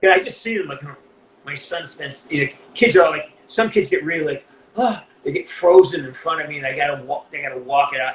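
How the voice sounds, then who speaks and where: A man's voice: a little high, brisk. A man who voices a game character, telling an emotional story in a casual interview, swearing freely and restarting often. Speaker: voice actor guest. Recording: echoey room with faint background noise.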